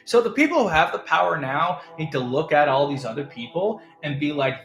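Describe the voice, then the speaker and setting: Sarcastic, profane male commentator, fairly high voice, echoey room. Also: big pitch swings, normal speed, hardly any pauses. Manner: sarcastic, profane, swings between loud and mumbled. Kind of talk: casual ranting monologue. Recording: echoey room, faint music.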